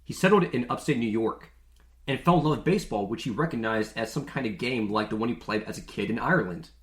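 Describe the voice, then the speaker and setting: A man's voice: mid-range voice, quick pace. A male podcast host talking in a casual, jokey monologue, with a mid-range voice. He is chatty and leans on filler words. The recording rings in an echoey room.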